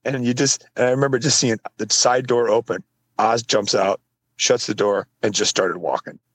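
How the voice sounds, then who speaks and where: A man co-hosting a casual podcast, telling stories with swearing and voicing other people in loud, high bursts. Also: moderate pace, husky, no echo. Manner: swearing, animated, jumps high when quoting people. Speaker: podcast co-host. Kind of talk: casual chat, storytelling.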